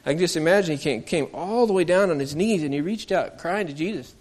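A man's voice: a little high, expressive, normal speed, a little mellow. Man telling children a Bible story. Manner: asks the children questions, acts out voices in the story.

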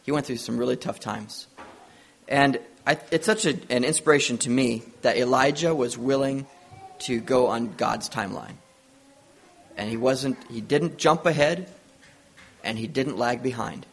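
A man's voice: mid-range voice, a little slow, creaky, a bit bright, slight background noise. A man preaching a sermon, retelling a Bible story with earnest storytelling and acted-out dialogue.

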